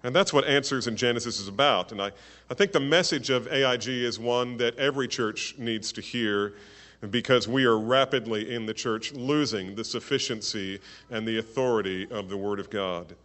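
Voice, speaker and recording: A man's voice: medium pitch, moderate pace, fairly bright tone. A man introducing the next speaker at a church conference, speaking earnestly and devoutly. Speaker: event host introducing the speaker.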